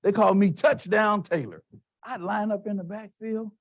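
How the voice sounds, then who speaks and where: A man from Texas giving a motivational keynote, telling stories in an emphatic, animated way. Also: high voice, moderate pace. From Texas, USA. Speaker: keynote speaker. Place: conference hall stage.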